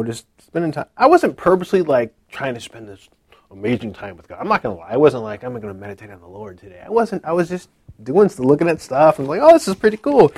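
Brief: man in his thirties, casual testimony, voices the people in his story, medium pitch, dry recording. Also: no echo. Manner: animated retelling, acting out dialogue with lively pitch jumps. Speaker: speaker sharing a personal testimony.

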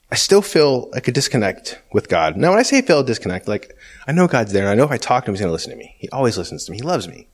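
A man giving a personal faith testimony in a conversational, storytelling way, acting out dialogue in shifting voices and often checking in with asides. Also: medium pitch. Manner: frequent asides like "okay?" and "you know".

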